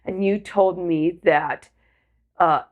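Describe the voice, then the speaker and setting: A woman's voice: on the low side, fairly even intonation, phone-quality sound. Chatty woman co-host. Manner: chatty, quick interjections, laughs. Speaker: podcast co-host, sibling of host. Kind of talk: casual chat.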